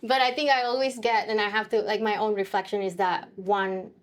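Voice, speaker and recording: A woman's voice: medium pitch, flat delivery, fairly quick. A woman co-hosting a podcast, talking reflectively with her husband, often restarting sentences and acting out what people said. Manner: thoughtful, with frequent restarts and acted-out quotes. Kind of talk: reflective personal conversation.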